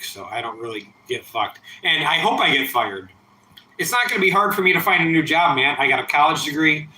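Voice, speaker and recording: Late at night, a man in his thirties livestreams while drinking, a little tipsy, and his casual chat comes out profane, rambling and defiant. His mid-range voice has a sharp edge, and the rough recording is full of reverb.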